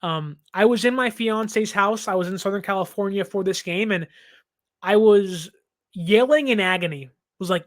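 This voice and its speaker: A man's voice: high-pitched, normal speed. A man in his twenties hosting a sports reaction show, talking in an emphatic, impassioned way and laughing now and then. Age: 20s.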